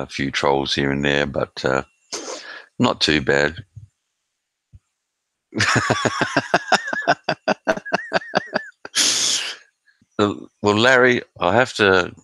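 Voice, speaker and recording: A man's voice: very deep voice, a little slow, pushed and bright, no room sound. An Australian man hosting a live stream, chatting casually with viewers and swearing freely in a laid-back way. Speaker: live stream host reading chat. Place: at home in South Australia.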